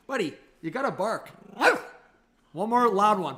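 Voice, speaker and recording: A young man hosting a live hockey reaction stream, chatty and excitable, thanking viewers and coaxing his dog. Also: on the high side, a little slow, long pauses. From Canada. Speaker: livestream host.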